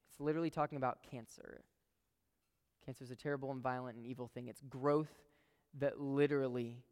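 A man's voice: mid-range voice, darkish tone, clear, resonant tone. Young man preaching in a reverberant hall. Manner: storytelling, earnest, addresses crowd as guys. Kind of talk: sermon.

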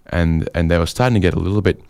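A man telling a long, wry anecdote in a casual, chatty way, with quick asides and fillers. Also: low-pitched, creaky, a little mellow, dry recording, studio quality. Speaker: storyteller.

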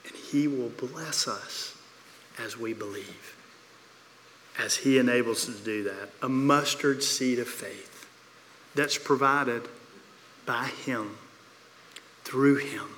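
Male pastor, sermon storyteller, repeats phrases for effect, bright tone, long hall echo. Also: mid-range voice, takes it slowly, pauses often, a little hiss or hum. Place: church sanctuary. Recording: long reverb of a church hall.

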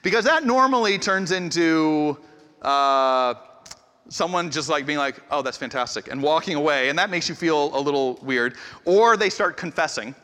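A man's voice: on the high side, expressive, moderate pace, sharp tone. A middle-aged male pastor preaching a sermon in a conversational, self-deprecating way, telling stories and bursting into emphatic lines. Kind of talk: sermon with storytelling. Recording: long hall reverb.

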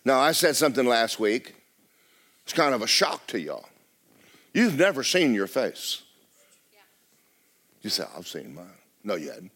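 A middle-aged male pastor, preaching loudly and with life, often dropping to a hush. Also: medium pitch, a little slow, pauses often. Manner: loud, lively preaching with sudden drops to a hush. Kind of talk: sermon. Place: church.

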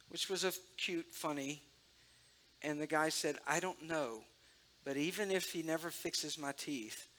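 A man delivers personal testimony in a sermon style, talking straight to his listeners. His voice is bright and sits a little high. He speaks with conversational warmth and emotion. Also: a little hiss or hum. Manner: conversational, emotional, addresses the audience directly.

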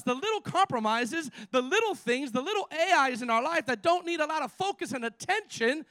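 A man pastor preaching a sermon, animated and exhorting, with frequent stumbling restarts. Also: very high voice, no echo.

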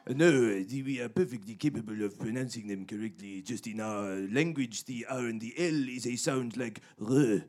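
A man improvising a pompous professor in a comedy sketch, speaking haltingly with many pauses. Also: medium pitch, a little mellow, lightly acted. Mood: haughty. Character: pompous male professor putting on a Japanese-tinged voice.

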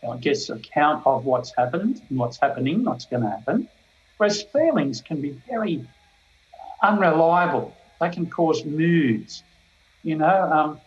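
An older man preaches in an earnest, emphatic way, drawing on stories from his work as a police chaplain. His voice sits in an ordinary middle range, and the recording sounds a little dull and lo-fi. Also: mid-range voice. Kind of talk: devotional talk.

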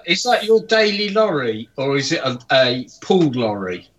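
Co-host with teasing quick jokes, bouncy voice, noisy line. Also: medium pitch, very animated, muffled recording. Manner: teasing, quick one-liners. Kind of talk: casual podcast chat. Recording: noisy call audio.

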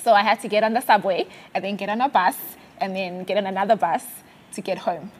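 A woman from South Africa sharing a personal faith testimony in conversation, earnest and halting with many fillers and restarts. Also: medium pitch, fairly even intonation, slight background noise.

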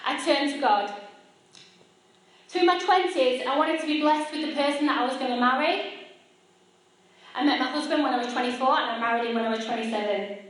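A high-pitched woman in her thirties gives a personal faith talk, chatty and self-deprecating as she speaks directly to the crowd. Her voice rings through a large, very echoey hall. It is picked up from some distance away. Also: brisk, pauses often. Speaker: speaker at a church gathering.

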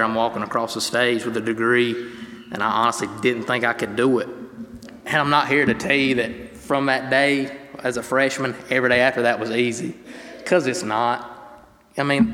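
Young man from North Carolina, mid-pitched, earnest testimony speaker reading scripture to a congregation; long hall reverb. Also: pushed and bright, slight background noise. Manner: earnest, conversational, reads scripture aloud. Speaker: speaker giving a faith testimony.

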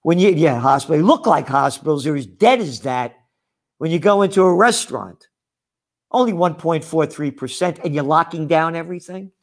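High-voiced older man ranting sarcastically. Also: animated, moderate pace. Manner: sarcastic, scornful, name-calling. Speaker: trend forecaster and publisher. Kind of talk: ranting commentary monologue.

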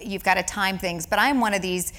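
A woman author chatting on stage in front of a live audience, animated and quick to laugh as she tells stories. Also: mid-range voice. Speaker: cookbook author being interviewed. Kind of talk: casual onstage conversation.

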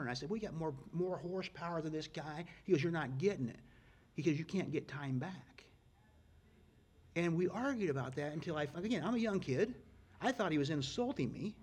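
A middle-aged man telling stories in a casual, folksy way, getting loud and excited at the punchlines. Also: on the high side, slightly rough. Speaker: guest storyteller. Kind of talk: casual storytelling.

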